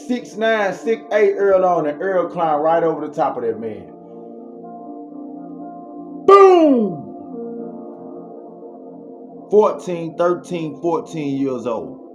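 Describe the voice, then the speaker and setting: Slangy, animated male storyteller over music. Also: fairly high pitch. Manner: animated, slangy, exclaims sound effects. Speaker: vlogger. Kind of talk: storytelling monologue with preaching.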